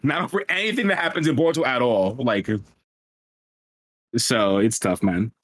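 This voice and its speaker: A man in a casual anime chat, excitable and slangy, breaking into loud sound effects. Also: mid-range voice, normal speed.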